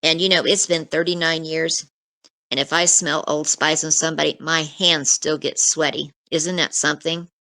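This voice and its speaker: Low-pitched bright-voiced woman telling a tale. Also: flat delivery, normal speed. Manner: earnest, emotional storytelling with many "you know" asides. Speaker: interview guest. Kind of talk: recounting a frightening personal encounter.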